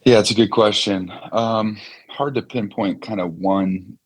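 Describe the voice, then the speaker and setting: A man in his twenties, a former quarterback, telling stories as a guest in a casual interview, relaxed with many fillers. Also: on the low side, unhurried.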